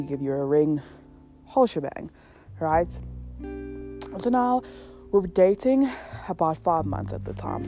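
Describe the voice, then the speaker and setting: A young woman telling a casual storytime to her viewers, swearing a lot and acting out the quotes. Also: sits low. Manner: heavy swearing, animated storytelling with acted quotes. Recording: music playing behind.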